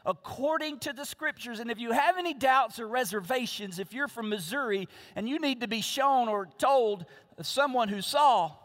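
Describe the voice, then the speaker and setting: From the pulpit of a large hall with long reverb, a male pastor preaches at a moderate pace in an extremely high, slightly bright voice. He's emphatic, circling back to repeat his key phrases.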